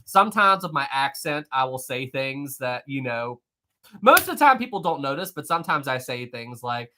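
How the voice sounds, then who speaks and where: A man's voice: mid-range voice, very animated, noisy background. A man with a Southern US accent who hosts a history livestream, chatting casually and laughing as he answers viewer comments. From West Virginia. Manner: jokey, chatty, quick to laugh. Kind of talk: casual live-stream chat reading viewer comments.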